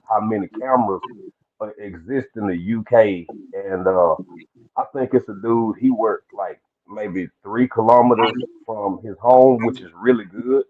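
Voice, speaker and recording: A man hosting a live stream, talking in a loose, slangy way and greeting viewers by name. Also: lowish voice. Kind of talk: casual chat on a live stream. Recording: phone-like thin line.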